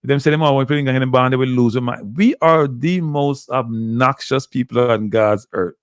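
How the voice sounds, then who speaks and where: Animated man, dry close sound. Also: mid-range voice, a little fast, clean tone, no room sound. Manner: animated, repetitive, addresses viewers as "people". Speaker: livestream host. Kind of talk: casual live commentary.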